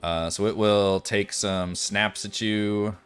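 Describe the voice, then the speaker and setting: A man's voice: fairly low pitch, fairly even intonation, takes it slowly, a bit bright, smooth, soft background music. A man running a tabletop game as dungeon master, thinking aloud with lots of fillers. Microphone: headset or desk mic on a voice call.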